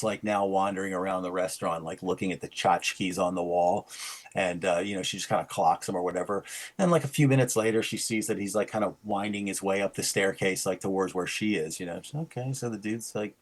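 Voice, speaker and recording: Man, lowish voice, casual podcast chat, rambling storyteller, acts out quotes. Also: steady tone, brisk. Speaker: podcast co-host.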